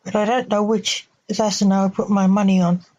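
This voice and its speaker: A woman's voice: mid-range voice, little pitch movement, a little fast, warm tone, highs cut off, close to an everyday voice. A woman voicing the emperor's protective older brother in her own plain reading voice. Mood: serious.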